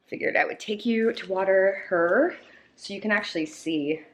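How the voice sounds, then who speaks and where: A woman's voice: lowish voice, fairly quick, a bit bright, rough recording. A woman vlogging at home to a camera on a tripod, chatty with lots of ums and likes, slightly out of breath after a workout. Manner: chatty, many fillers like um and like. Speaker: lifestyle vlogger. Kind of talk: casual vlog chat to camera.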